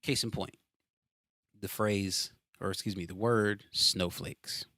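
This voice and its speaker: A man hosting a podcast from a home basement, ranting casually and profanely with animated exasperation. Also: lowish voice, slow, dry recording, clean studio sound. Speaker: podcast host.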